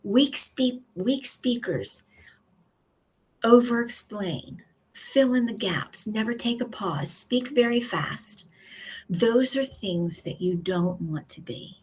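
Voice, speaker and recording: Slow, husky woman coaching. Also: a little high. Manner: calm, instructive, pauses deliberately. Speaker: communication coach. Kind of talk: live video lesson on public speaking. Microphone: live video stream.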